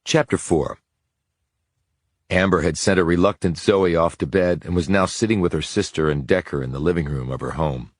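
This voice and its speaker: A man narrating a crime audiobook in soft whispered narration, with a husky voice. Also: low-pitched, moderate pace, no room sound, clean studio sound.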